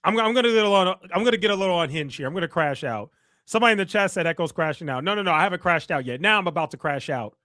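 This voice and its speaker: Guy streamer reacting live, high voice bouncing all over, swears a lot, fed up. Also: expressive, rapid-fire, sharp tone. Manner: ranting, exasperated, swears freely. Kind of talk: casual reaction commentary.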